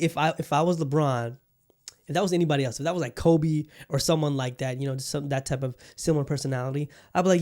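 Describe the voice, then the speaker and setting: A man's voice: a little high, quick pace, darkish tone. A man hosting his own podcast, talking casually and rambling with lots of swearing, moving from somber to heated. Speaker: podcast host. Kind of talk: casual solo podcast rant.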